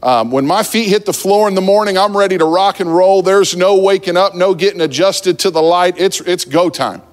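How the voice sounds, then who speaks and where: A man from New Jersey preaching a sermon, telling a funny story about himself in a relaxed, conversational way from the pulpit. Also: high-pitched, normal speed. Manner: humorous, self-deprecating, conversational. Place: church sanctuary at the pulpit. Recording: long church hall reverb.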